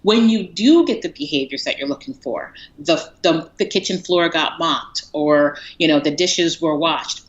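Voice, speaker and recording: A woman's voice: deep voice, unhurried, few pauses. A woman coach, a guest on a talk show, speaking chattily with frequent fillers and easy laughs. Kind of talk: casual interview chat. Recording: dull lo-fi line.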